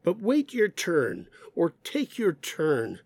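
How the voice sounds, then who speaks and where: A man who speaks English natively, teaching learners English expressions, slow and emphatic, repeating phrases. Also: on the high side, wildly swooping pitch, a little mellow, no room sound.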